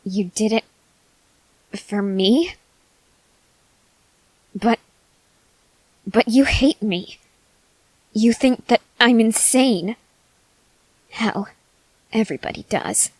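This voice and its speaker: A woman voicing an arrogant, unhinged young male cult leader in a whispered role-play, slow and intense, swinging between whispers and sharp outbursts. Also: a little high, no echo, rough recording. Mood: bitter. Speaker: ASMR voice actor.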